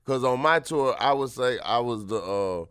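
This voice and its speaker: A man co-hosting a podcast in casual banter, laid-back, trailing off quietly and laughing into his lines. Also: mid-range voice, lively intonation, moderate pace, crowd noise. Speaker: podcast co-host.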